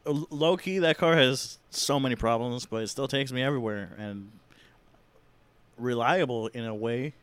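A man's voice: mid-range voice, moderate pace, a bit bright, smooth, no echo. A man co-hosting a casual podcast, easygoing and teasing his friends. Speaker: podcast co-host. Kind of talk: casual chat.

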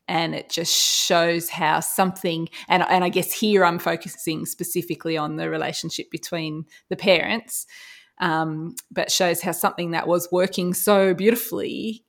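A woman's voice: lowish voice, little pitch movement, moderate pace, vocal fry. A woman on a movie podcast panel, chatting casually and animatedly, laughing now and then. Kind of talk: casual chat.

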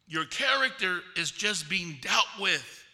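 A man preaching a sermon at a leadership conference, telling animated stories and acting out the voices of people he quotes. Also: sits high, takes it slowly. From Texas. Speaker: pastor. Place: conference hall. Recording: long hall reverb.

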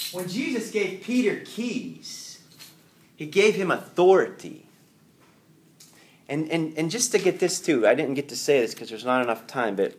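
A man's voice: on the high side, slight background noise. A man teaching a Catholic Bible class to a room of students, talking in a conversational way with rhetorical questions.

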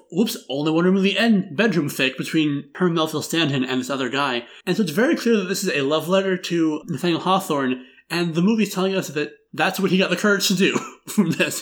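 Brief: man in casual film podcast talk, wry humor, somewhat high-pitched, loose rambling delivery. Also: fairly bright tone. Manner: wry, rambling, laughs through jokes. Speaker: podcast host. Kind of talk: casual film review chat.

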